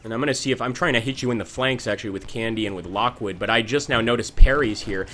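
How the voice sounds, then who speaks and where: A man's voice: mid-range voice, fast, bright, forceful tone, slight background noise. A young American man hosting a casual game commentary, chatty and full of fillers as he reads chat and calls the action. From United States. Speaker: gaming channel host. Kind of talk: casual let's-play commentary.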